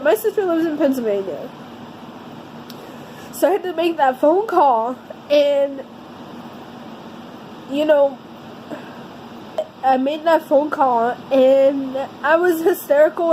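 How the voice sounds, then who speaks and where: A woman with a high voice recounts a personal story for her vlog. She speaks earnestly and heavily, stumbling and restarting her sentences as she goes. A faint hum of noise sits behind her. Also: dark tone, low-quality recording. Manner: halting and earnest, with many restarts; somber, heavy-hearted telling. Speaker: vlogger.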